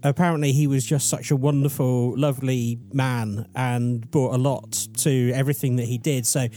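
A man with a medium-pitched, steady, dark voice co-hosts a podcast at a moderate pace, presenting a story in a chatty, rambling way that pokes fun at himself.

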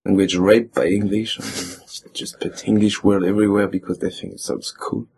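A man's voice: on the low side, little pitch movement, moderate pace, gravelly, darkish tone, breathy edge, poor audio. A man from France with a French accent, chatting casually on a podcast, swearing and joking. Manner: swearing, joking, laughing often. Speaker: podcast co-host. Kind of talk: casual chat. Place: living in Germany.

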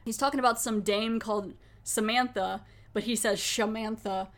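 A woman's voice: a little high, steady tone, normal speed. A woman hosting a podcast, talking in a chatty, rambling way and laughing often. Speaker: podcast host. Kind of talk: casual chat.

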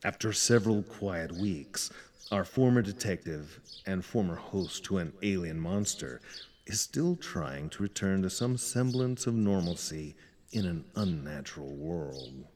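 A man's voice: low voice, lively intonation, unhurried, a little mellow, slight background noise. A man narrating an audio drama in a wry, sardonic tone.

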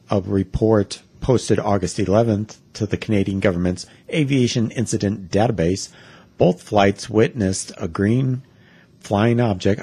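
Low, husky podcast man reading news. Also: warm tone, no echo. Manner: dry, easygoing, reads reports in measured tone. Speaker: podcast co-host. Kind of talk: casual chat, reading news aloud.

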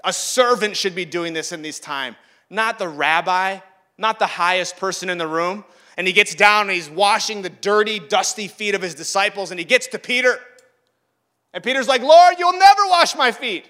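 A man giving a sermon in a conversational way, acting out the voices he quotes and swinging from loud to hushed. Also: sits high, normal speed. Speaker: pastor.

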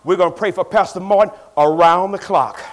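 A middle-aged man pastor preaching a sermon, swinging between shouted emphasis and hushed storytelling, driving his points home by repeating phrases. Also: high voice, fairly quick, slight background noise.

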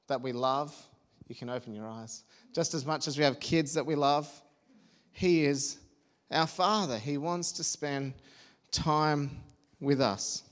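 A man preaching a sermon, earnest and personal, with homely asides and the odd restart. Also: on the high side.

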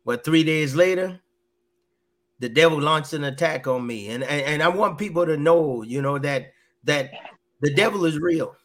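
Middle-aged man, fairly high voice, earnest testimony, repeats himself, podcast guest. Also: normal speed, fairly bright tone. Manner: earnest, repeats phrases, quotes voices in dialogue. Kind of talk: personal testimony.

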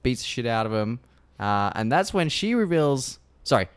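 A man's voice: mid-range voice, big pitch swings, moderate pace, clear, resonant tone. A man co-hosting a podcast, casually retelling a horror film scene by scene and swearing freely. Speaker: podcast co-host.

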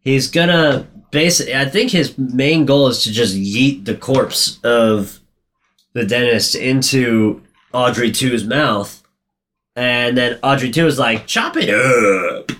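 A man's voice: mid-range voice, slow, a bit bright. A man in casual chat, recapping a movie in a rambling, profane way and acting out its lines. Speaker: podcast co-host recapping a movie.

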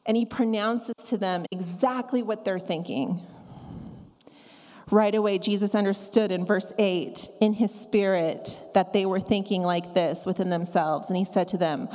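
Slow-spoken woman preaching in an echoing hall. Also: mid-range voice. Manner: conversational, acts out scripture quotes with lively asides. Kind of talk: sermon. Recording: long reverb of a large hall.

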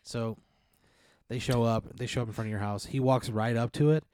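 A man's voice: mid-range voice, fairly even intonation, brisk, darkish tone, dry recording, clean studio sound. A man casually telling an absurd, profane hypothetical story and putting on voices for its characters. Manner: spins an absurd scenario, puts on voices, profane. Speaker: podcast co-host posing a hypothetical.

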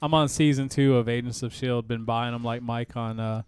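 A man hosting a casual comedy podcast, loud and joking with his co-hosts. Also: medium pitch, fairly even intonation, moderate pace, smooth. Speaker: podcast host.

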